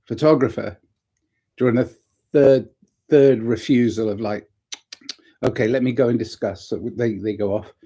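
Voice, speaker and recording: A man talking to camera in a rambling, reflective way, telling stories and giving gentle advice. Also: lowish voice, husky. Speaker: vlogger. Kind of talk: casual talking-to-camera monologue.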